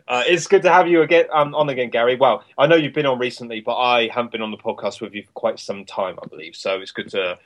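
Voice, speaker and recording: A man's voice: medium pitch, fast, hardly any pauses. A man co-hosting a gaming podcast, chatting casually and laughing often. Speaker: podcast co-host.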